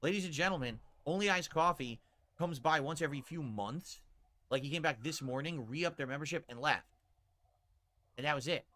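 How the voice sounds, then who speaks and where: A man's voice: fairly high pitch, normal speed, bright, forceful tone. A man streaming, complaining to his viewers in an exasperated tone. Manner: exasperated, addresses audience.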